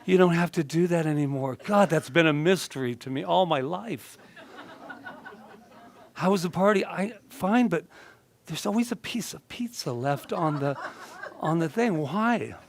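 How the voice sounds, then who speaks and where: Playful minister giving a chatty sermon. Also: male voice, a little high, expressive, a little slow, creaky, slight background noise. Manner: playful, chatty, laughing often. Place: church sanctuary.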